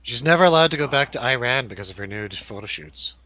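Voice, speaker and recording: A man's voice: mid-range voice, expressive, quick pace, sharp tone, dull audio. A man hosting a casual film review chat, joking and laughing often. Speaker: radio show host.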